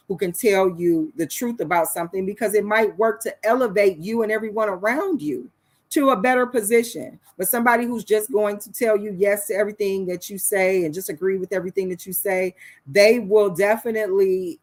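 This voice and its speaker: Candid woman host giving advice. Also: mid-range voice. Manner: candid, preachy, with fillers and restarts. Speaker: show host. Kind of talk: casual advice monologue.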